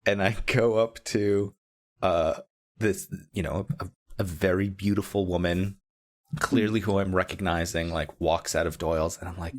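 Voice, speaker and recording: A man co-hosting a casual podcast who jokes and teases with quick pop-culture references. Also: sits low, steady tone. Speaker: podcast co-host. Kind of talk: casual chat. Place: Boston.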